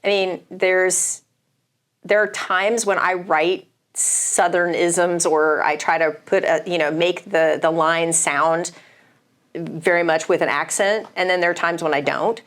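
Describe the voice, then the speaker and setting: A woman from the American South, an English professor, talking in a relaxed discussion with many fillers and restarts. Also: fairly low pitch, measured pace. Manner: thoughtful, hesitant with fillers and restarts. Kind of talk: casual discussion.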